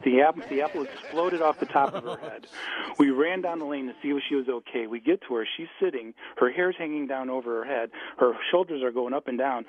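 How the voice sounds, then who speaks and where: A male caller telling a funny story over a phone line on a radio show. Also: medium pitch. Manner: animated storyteller. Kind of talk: phone-in anecdote.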